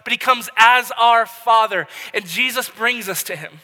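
A male pastor in his thirties delivers a sermon in a loose, conversational storytelling style, often restarting his sentences. His voice is high and very bright. The recording carries a long hall reverb. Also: moderate pace.

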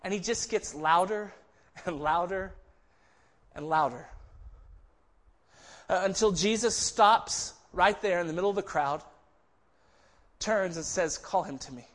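A man's voice: high-pitched, a little slow, pauses often, a bit bright. A man preaching a sermon in a conversational way, often restarting phrases and acting out quoted voices. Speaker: pastor.

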